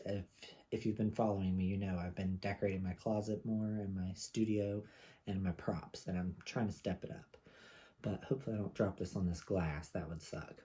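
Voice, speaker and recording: A man's voice: low-pitched, dark tone. A man in his mid-thirties reviewing fragrances in casual, rambling home-studio chat with frequent asides. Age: 30s.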